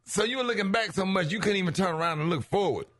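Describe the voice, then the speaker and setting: A man's voice: high-pitched, quick pace, crowd noise. A man hosting a morning radio show, questioning a caller in disbelief. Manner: incredulous, keeps questioning. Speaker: radio host.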